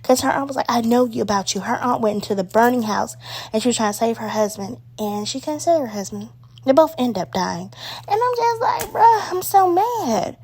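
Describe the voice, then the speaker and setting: A woman giving a casual spoken movie review, chatty and excitable, with lots of slang and fillers. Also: fairly high pitch, a little fast, breathy edge.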